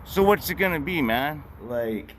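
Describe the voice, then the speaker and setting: A man's voice: on the high side, lively intonation, unhurried. A man telling a story to camera in a casual, blunt way, full of profanity and wry laughs. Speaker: vlogger. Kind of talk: casual street monologue.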